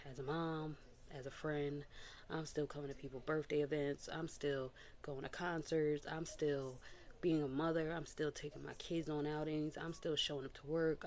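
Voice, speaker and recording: Low-voiced woman sharing a candid testimony. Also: a little mellow. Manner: emotional, confiding, repetitive. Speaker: vlogger.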